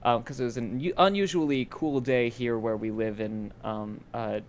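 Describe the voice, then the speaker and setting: A man's voice: medium pitch, fairly even intonation, moderate pace, slight background noise. A young man from Idaho, a podcast co-host, telling a rambling story in casual chat and laughing as he goes. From Boise, Idaho.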